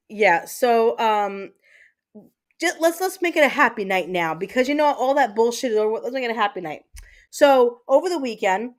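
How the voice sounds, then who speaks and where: Chatty, rambling woman livestream host. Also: medium pitch. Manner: chatty, rambling, lots of fillers and swearing. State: mentally exhausted. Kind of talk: casual chat with live viewers.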